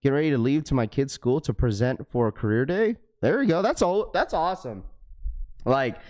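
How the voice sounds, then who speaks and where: A man's voice: medium pitch, lively intonation, moderate pace, a little mellow. A young man hosting a live stream, chatting casually and greeting viewers by name in an upbeat way.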